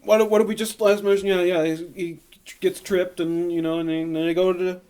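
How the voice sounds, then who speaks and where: A man with a slightly high voice runs through a movie plot in loose, rambling podcast chat. He stumbles over his words and keeps breaking into silly impressions of the characters. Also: flat delivery, brisk, darkish tone, clear, resonant tone. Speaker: podcast co-host. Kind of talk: casual movie recap chat.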